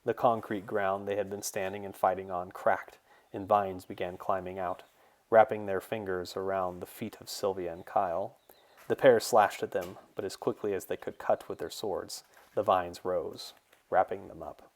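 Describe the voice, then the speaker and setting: A man, the author, reading his fantasy novel in a steady, measured storytelling voice. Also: deep voice. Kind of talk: audiobook narration.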